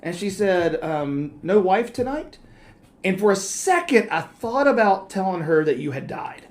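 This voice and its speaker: A man's voice: high voice, big pitch swings. Teasing man co-hosting a podcast. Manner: joking, teasing, quick asides. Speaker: podcast co-host. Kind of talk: casual chat, storytelling.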